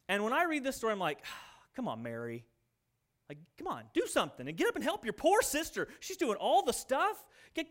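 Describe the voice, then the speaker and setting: A middle-aged man delivers a sermon to his congregation. His voice sits high for a man. He keeps it conversational and animated, acting out the voices in his stories. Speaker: pastor.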